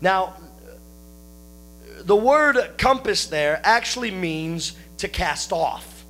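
A man with a notably high voice delivers a sermon, walking his congregation through scripture. He breaks in with folksy jokes and turns to address listeners by name. A low mains hum runs under the recording. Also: animated, slow pace, sharp tone. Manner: folksy, joking asides to the congregation. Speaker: pastor.

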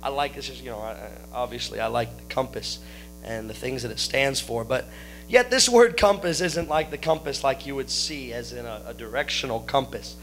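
A man preaching a sermon to his congregation, explaining scripture with folksy jokes and friendly asides to listeners, with a steady hum behind him. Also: medium pitch, moderate pace, soft background music. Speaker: pastor.

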